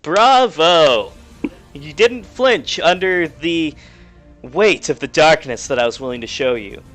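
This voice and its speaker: Man voicing a brash hero teacher, loud, dismissive, slightly high voice, faint music. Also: lively intonation, slow. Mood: theatrical.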